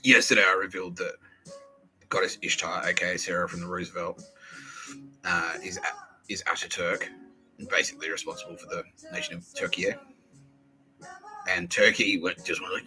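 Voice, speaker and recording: A man hosting a podcast in a rambling, profane comedic monologue, jumping between loud outbursts and low mutters. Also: normal speed, soft background music, low-quality recording. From Australia. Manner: crude and profane, swings between loud bursts and mumbles. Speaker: podcast host.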